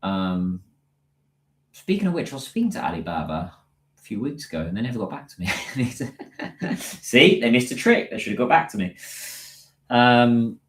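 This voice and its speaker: A man's voice: medium pitch, very animated, normal speed, pauses often, echoey room. A British man hosting a casual livestream, chatting and answering viewers' comments as they come in. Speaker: livestream host.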